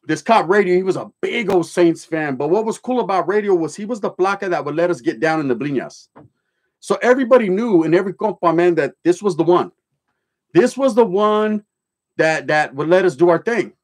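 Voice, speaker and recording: A middle-aged man from California talks loosely on his livestream, reading viewers' chat aloud and spinning old stories. His voice sits a little higher than most men's, and his speech is full of street slang and profanity. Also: animated, a little fast. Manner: streetwise slang, swearing, storytelling.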